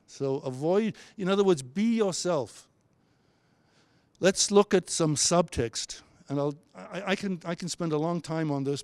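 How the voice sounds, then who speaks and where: Guy running a uni workshop, warm mellow voice, dry sound, keeps restarting his sentences. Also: fairly high pitch, clean tone, no room sound. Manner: coaching, with frequent restarts and stammers. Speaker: workshop presenter. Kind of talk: university workshop talk. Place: lecture room at a university.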